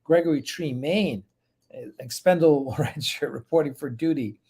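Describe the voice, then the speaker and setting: A man's voice: a little high, normal speed, dark tone, a little hiss or hum. A man hosting a casual live stream, chatting loosely, greeting viewers one by one by name and rambling between asides.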